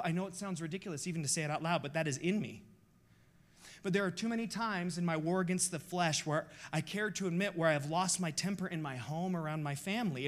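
A pastor in his forties preaching a sermon in a passionate, confessional, emphatic way. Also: on the high side.

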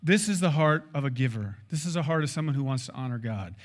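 A man in his fifties, a pastor preaching a sermon in an emphatic, animated way, acting out dialogue. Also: medium pitch, fast talker.

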